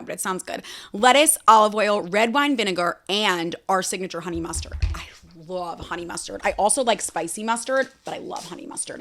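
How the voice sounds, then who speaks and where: A woman's voice: medium pitch, fairly bright tone. A young woman hosting a casual solo podcast, chatting enthusiastically about food and talking to her cat between bites. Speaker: podcast host. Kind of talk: casual solo chat while eating.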